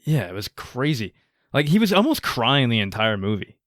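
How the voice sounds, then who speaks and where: A young man co-hosting a podcast, chatting casually about movies, laughing along and quoting lines in a high mock voice. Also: big pitch swings, normal speed, a bit bright, no room sound, studio quality. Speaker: podcast co-host. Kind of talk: casual movie review chat.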